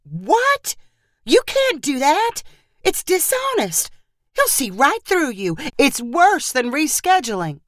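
A woman's voice: a little high, sing-song, normal speed, no echo, studio quality, voice pushed up. A woman voicing a nervous, flustered middle-aged mother in a storybook reading, babbling fretfully. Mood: alarmed.

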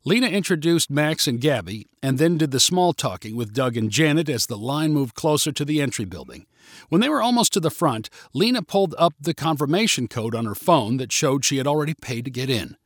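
Expressive male storyteller, dry sound. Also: fairly high pitch, a little fast, no room sound. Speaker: narrator. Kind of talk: scripted story narration.

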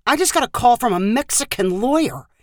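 Panicky young man, anxious and hurried, read by a woman, storybook reading, dry. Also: a little high, animated, no room sound, pitched above the performer's own voice, close to an everyday voice. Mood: panicked.

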